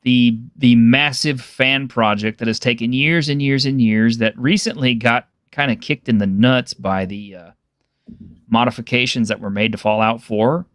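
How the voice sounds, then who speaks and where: A man co-hosts a casual podcast chat, laid-back and rambling, laughing easily. His medium-pitched voice is fairly bright with fairly even intonation at a moderate pace, in a studio-quality recording with no echo.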